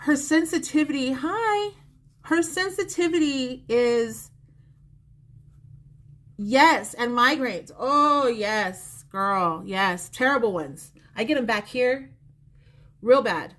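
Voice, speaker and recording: A woman's voice: sits high, lively intonation, takes it slowly, a bit bright. A woman giving a psychic reading on a live stream, talking to the viewer directly in a chatty, repetitive way. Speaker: psychic reader. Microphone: phone or close mic on a live stream.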